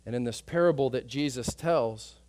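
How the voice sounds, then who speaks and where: A man preaching a sermon as pastor, emphatic, swinging between loud urgent stretches and quiet soft ones. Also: medium pitch, moderate pace, dry recording.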